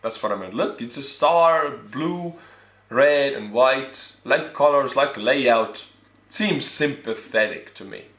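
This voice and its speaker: Estonian YouTuber, animated reactions, bright tone, roomy echo. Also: male voice, mid-range voice, slow. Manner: animated, exclamatory asides. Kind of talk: reaction commentary. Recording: echoey room.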